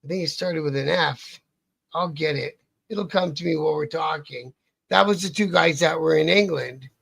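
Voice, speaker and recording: A man's voice: a little high, moderate pace, creaky, fairly bright tone, slightly rough. A man from Canada, a biker guest telling a rambling, profane story with many restarts. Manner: rambling, profane, self-interrupting. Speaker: interview guest, outlaw biker. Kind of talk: casual storytelling.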